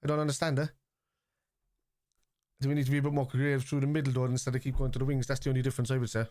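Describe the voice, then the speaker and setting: A man with a Liverpool accent talks loosely and rambles as he hosts a live football watchalong. He reads chat messages aloud and is quick to scoff at critics. His voice sits at a middling pitch and is recorded close and dry. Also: little pitch movement, a little mellow, no room sound. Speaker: live-stream watchalong host. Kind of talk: casual live-stream chat.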